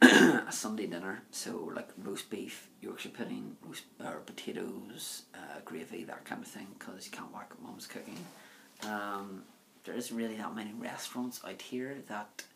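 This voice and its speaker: A man with a low, heavily gravelly voice answers viewer questions in a relaxed vlog. He rambles along with plenty of "um" and "you know", and a faint hiss sits under the recording. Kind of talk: casual Q&A monologue.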